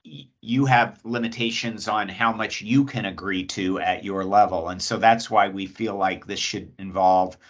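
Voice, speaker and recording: A man, speaking as a state lobbyist at an agency hearing, polite and measured with many pauses. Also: on the low side, fairly even intonation, dull audio. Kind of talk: public comment at agency hearing.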